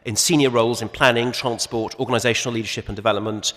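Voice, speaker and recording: A man's voice: mid-range voice, steady tone, fairly bright tone. Man opening a panel in a reverberant hall. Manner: measured, wry, with many restarts and asides. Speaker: panel chair. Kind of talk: conference opening speech. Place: large assembly hall.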